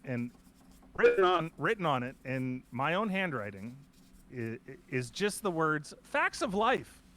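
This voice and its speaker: Lively, animated man hosting a chatty podcast. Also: mid-range voice, unhurried. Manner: animated, rambling storytelling with many restarts. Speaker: host. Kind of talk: casual podcast chat.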